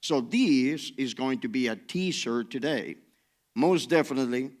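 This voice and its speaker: A man's voice: mid-range voice, a little slow. A man with a non-native English accent giving a chatty, self-deprecating keynote talk in a conference hall. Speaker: keynote speaker.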